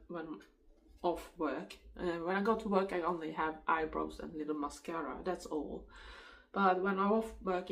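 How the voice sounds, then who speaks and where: A woman's voice: medium pitch, rough recording. A Swedish woman in her fifties, a native Swedish speaker, chatting casually through a makeup tutorial in a rambling, laughing way. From Sweden. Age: 50s. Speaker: makeup vlogger. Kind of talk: casual get-ready-with-me chat.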